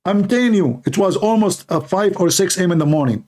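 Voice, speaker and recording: A man hosting a casual livestream, answering viewers and telling mocking, joking stories in an animated way. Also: sits high, brisk. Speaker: livestream host. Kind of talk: casual comedic chat and anecdote.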